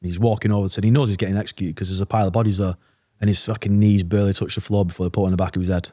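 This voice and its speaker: Fast-talking blunt British army veteran. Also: male voice, lowish voice, level tone, warm tone, no room sound, studio quality. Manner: blunt, swearing, fast storytelling with quoted dialogue. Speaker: podcast guest, army veteran. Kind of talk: casual storytelling interview.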